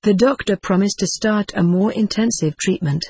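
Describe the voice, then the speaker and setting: A woman's voice: medium pitch, normal speed, slightly rough, dry recording. A woman doing a tearful young daughter. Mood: reassuring. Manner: soft, reassuring, choked.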